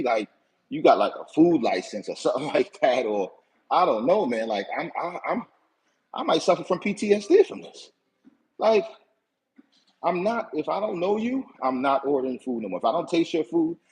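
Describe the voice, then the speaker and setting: A man's voice: on the high side, darkish tone, poor audio. A man hosting his own channel tells a casual, aggrieved story. He is slangy, repeats himself and keeps asking "you know what I'm saying.". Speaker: channel host.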